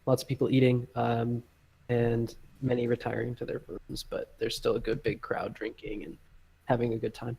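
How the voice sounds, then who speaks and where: A man's voice: mid-range voice, completely flat delivery, normal speed, gravelly, darkish tone, breathy edge, poor audio. A man narrating as game master of a tabletop role-playing game, rambling casually with many fillers. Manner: rambling, filler-heavy, lots of "like" and "um".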